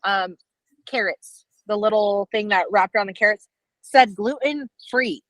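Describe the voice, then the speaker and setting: A woman's voice: mid-range voice, a little slow, a bit bright, no echo, dull audio. A woman co-hosting a casual live stream, a dietetics student who talks in chatty, meandering stories full of fillers. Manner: chatty storyteller, many "like"s and restarts.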